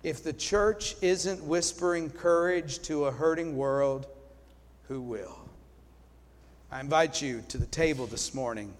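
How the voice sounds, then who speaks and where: Pastor, male, slightly high voice, storytelling sermon, long church reverb. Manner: storytelling, swings from loud to hushed. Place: church sanctuary.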